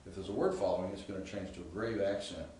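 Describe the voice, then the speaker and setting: Guy teaching a class, kinda low voice, super echoey room, mic far off. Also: fairly even intonation, fast, warm tone. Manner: explanatory, informal, asks students questions. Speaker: Greek professor. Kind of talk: classroom lecture. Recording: echoey classroom recorded from afar with faint hiss.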